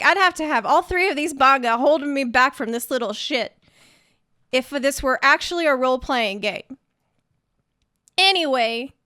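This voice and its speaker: A woman's voice: sits high, a bit bright, dry recording, studio quality. A young woman hosting a gaming video, ranting with sarcastic, indignant, theatrical outrage. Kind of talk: ranting game commentary.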